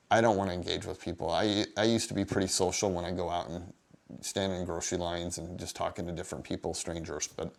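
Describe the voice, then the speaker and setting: A man with a somewhat low voice talks straight to his viewers in a casual vlog. He rambles and circles back, sounding indignant as he tells his story. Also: vocal fry. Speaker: vlogger.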